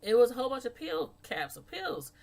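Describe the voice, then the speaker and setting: A woman with a somewhat high voice talks through a TV episode in a relaxed, chatty recap. She gets animated and acts out what the characters said. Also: fairly quick. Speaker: TV show recap host.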